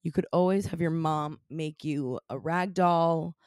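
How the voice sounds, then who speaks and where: A woman's voice: low voice, a little slow, darkish tone, no echo, clean studio sound. A woman co-hosting a podcast, chatting casually and playfully, with lots of fillers. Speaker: podcast co-host. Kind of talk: casual chat.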